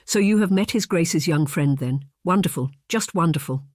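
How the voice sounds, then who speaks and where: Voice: mid-range voice, expressive, normal speed, dry recording, clean studio sound, natural voice. An audiobook narrator voicing Lord Tyrrell, a cheerful, overeager young nobleman. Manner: bright and overeager.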